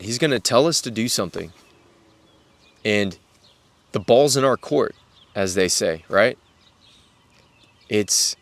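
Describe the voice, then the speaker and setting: A young man hosts a Christian podcast with casual devotional talk aimed at other men, his fairly low voice recorded with no room sound. He's earnest and repetitive, dropping to a near-whisper whenever he says "guys."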